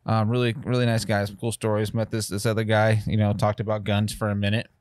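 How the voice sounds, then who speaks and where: A man's voice: on the low side, fast talker, dry recording. A man co-hosting a casual home-studio podcast, telling a story with lots of swearing and acting out what other people said. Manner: animated storyteller, swears a lot, acts out other people's lines. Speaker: podcast co-host. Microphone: studio mic.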